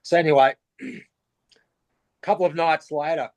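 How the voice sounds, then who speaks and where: A middle-aged Australian man telling casual anecdotes as a podcast guest, animated and acting out the voices of the people in his stories. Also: a little high, takes it slowly. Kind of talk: casual storytelling.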